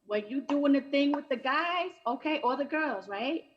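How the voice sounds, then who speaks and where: A woman's voice: sits high, expressive, normal speed, muffled recording. A woman doing a brash, chatty stand-up comedy set over a video call. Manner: brash, chatty, punchy delivery.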